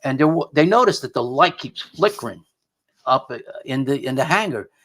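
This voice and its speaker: A man's voice: mid-range voice, expressive, normal speed, fairly bright tone. Middle-aged man telling a rambling story. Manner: rambling, often repeats and restarts words. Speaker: paranormal investigator guest. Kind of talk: conversational storytelling.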